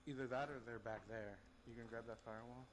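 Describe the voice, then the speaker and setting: A man's voice: mid-range voice, fairly even intonation, fast talker, background noise. A man on team voice chat making urgent, directive callouts to his squad.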